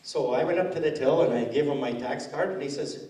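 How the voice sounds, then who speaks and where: A man's voice: medium pitch, a little fast, a little mellow, distant mic. Chatty man telling jokes in an echoey hall. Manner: rambling, chatty storytelling. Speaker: stand-up comedian. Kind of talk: stand-up comedy. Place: school hall.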